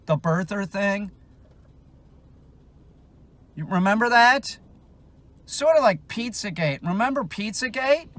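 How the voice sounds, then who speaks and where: A man's voice: high voice, lively intonation, slow, pauses often, a bit bright. A man giving an unscripted, heated rant, rambling and swearing, with many restarts. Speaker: dog trainer ranting on his channel.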